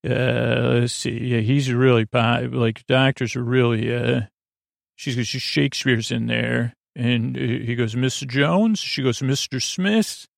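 Halting man retelling a story, gravelly. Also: medium pitch, flat delivery, dry recording, clean studio sound. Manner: halting, many fillers and restarts, quotes characters loosely. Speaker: podcast host retelling an episode. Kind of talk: sleepy casual retelling of a story.

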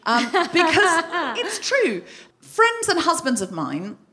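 A woman hosting a live comedy podcast, telling a story on stage with animated, breathless delivery and shrieking acted-out quotes. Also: very high-pitched, takes it slowly. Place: live venue with audience laughter.

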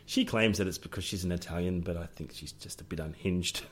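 A middle-aged Australian man co-hosting a podcast tells family stories jokingly and laughs often in a casual storytelling chat. His voice is low and fairly quick, with slight background noise.

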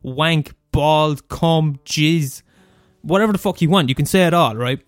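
A man's voice: a little high, no room sound, clean studio sound. Ranting, profane Irish man. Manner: profane, ranting, fast and mumbly. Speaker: podcast host. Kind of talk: casual solo rant.

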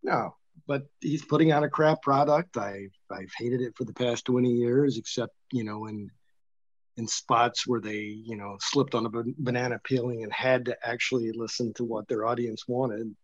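A man's voice: mid-range voice, steady tone, moderate pace, dry recording. Brief: middle-aged man, blunt and wry, self-mocking guest, dry and dull-sounding remote line. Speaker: guest author. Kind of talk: casual interview chat.

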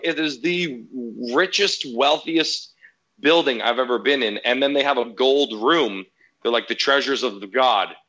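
A man's voice: medium pitch, bright, forceful tone, muffled recording. A man in casual podcast chat, telling a story as a heated, profane rant.

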